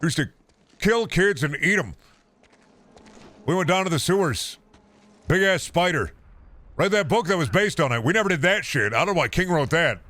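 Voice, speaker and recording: A man's voice: a little high, expressive, normal speed, long pauses, bright, forceful tone, dry recording, voice pushed up. A man voicing a boastful old-timer telling rambling tall tales about his youth. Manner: rambling tall-tale storytelling. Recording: game noise behind.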